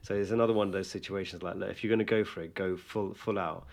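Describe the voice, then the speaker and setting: A man's voice: sits low, steady tone, fast, vocal fry. A young man co-hosting a podcast, telling rambling, self-mocking stories in casual chat with lots of restarts. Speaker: podcast co-host.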